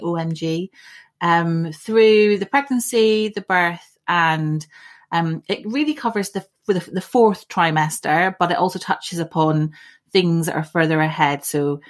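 A woman from Scotland, a chatty, upbeat guest in a casual podcast interview. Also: fairly low pitch. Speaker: guest author.

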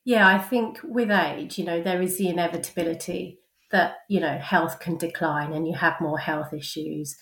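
A woman's voice: fairly low pitch, fairly even intonation, moderate pace, creaky, a bit bright, roomy sound, poor audio. A woman in casual conversation, talking thoughtfully with many fillers.

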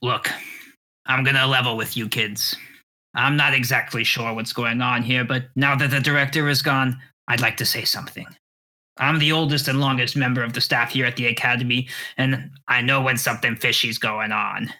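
A weary old female matron who has seen it all, blunt and a little conspiratorial , with a man putting her on. Bright in tone, she levels with the kids in a tabletop fantasy game. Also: mid-range voice, fairly even intonation, normal speed. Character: gruff old female academy matron, coffee in hand.

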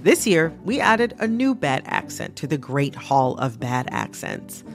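A woman hosting a radio talk show, speaking in a lively, incredulous way. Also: low-pitched, measured pace, faint music behind. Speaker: host.

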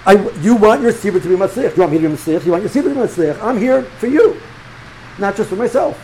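A man's voice: high-pitched, quick pace, slight background noise, low-quality recording. A middle-aged man, a rabbi, giving an informal religious lecture to students, talking animatedly with many restarts and repeated words. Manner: animated, repeats and restarts words, sprinkles Hebrew and Yiddish terms.

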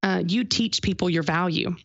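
A woman's voice: on the low side, normal speed, a bit bright, no echo, lo-fi sound. A woman being interviewed, giving emphatic motivational business advice and repeating her main points. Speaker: guest, business author.

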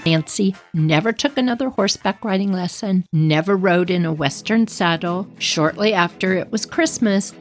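A woman with a lowish voice tells a story in an animated, lively way. Music plays clearly underneath her narration. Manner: animated, acts out characters' voices. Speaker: storyteller and host. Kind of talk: storytelling podcast.

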